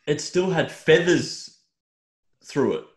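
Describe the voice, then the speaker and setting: A man's voice: on the high side, slow pace, echoey room. An Australian man co-hosting a casual podcast chat, ranting with lots of "mate" and swearing. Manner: animated ranting, swears, says "mate" often. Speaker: podcast co-host.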